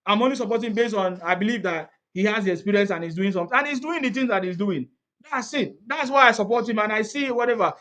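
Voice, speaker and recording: A man's voice: high-pitched, quick pace, pushed and bright. A man with a Nigerian accent in casual political chat, laughing often, repeating himself and asking rhetorical questions.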